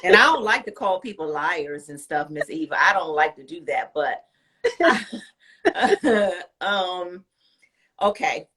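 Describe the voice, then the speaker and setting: Lady host, lowish voice, teasing and blunt w her guest. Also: expressive, takes it slowly, fairly bright tone. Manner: playful, teasing, blunt questions. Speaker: podcast host. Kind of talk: interview chat.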